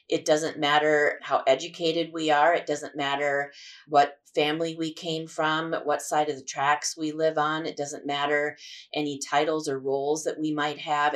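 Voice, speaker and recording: Earnest low-voiced woman doing a devotional bible teaching, reflective, lots of restarts. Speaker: podcast host.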